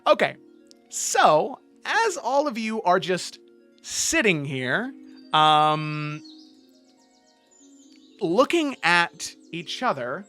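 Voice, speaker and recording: A woman narrating as game master of a tabletop game, relaxed and full of ums. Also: fairly low pitch, extremely slow, pauses often, faint music behind. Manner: relaxed, lots of ums and likes.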